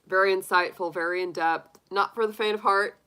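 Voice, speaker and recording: A woman's voice: medium pitch, steady tone, fairly quick, pushed and bright, clean tone, rough recording. A woman hosting a tarot live stream, chatting casually with viewers, laughing often and acting out little quotes.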